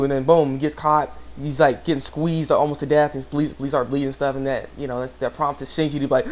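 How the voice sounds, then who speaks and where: A man's voice: mid-range voice, flat delivery, a little fast, darkish tone. A man giving a casual, rambling episode review, full of fillers and restarts, now and then acting out characters' lines. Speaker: anime reviewer. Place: home room with a dog nearby.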